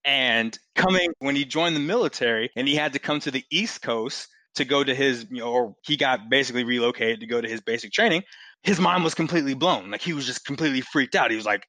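A man in his thirties telling a casual, animated story as a guest, with lively jumps into quoted voices. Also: brisk, no echo. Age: 30s. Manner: animated, swings into high mocking quotes.

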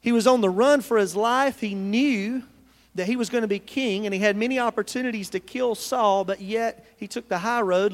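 A man's voice: high-pitched, long reverb tail. A man from the United States preaching a sermon in a church, earnest and calling out to his congregation. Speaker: pastor. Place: church sanctuary.

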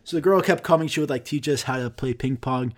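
A man's voice: mid-range voice, fast talker. A young man telling a rambling, profane comic story in casual chat, throwing in sound effects.

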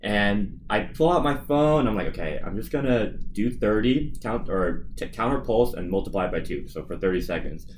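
A man co-hosting a podcast, telling a story in a casual, animated way and acting out the voices of the people in it. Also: on the low side, normal speed, few pauses, a little hiss or hum, low-quality recording. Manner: animated, acts out quoted voices. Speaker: podcast co-host.

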